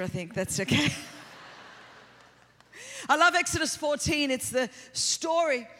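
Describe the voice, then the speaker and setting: A middle-aged woman with an Australian accent, preaching a sermon as a guest in a church, talking hard, fast and without pause. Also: medium pitch. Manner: fast, energetic, continuous delivery. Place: large church auditorium. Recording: long hall reverb.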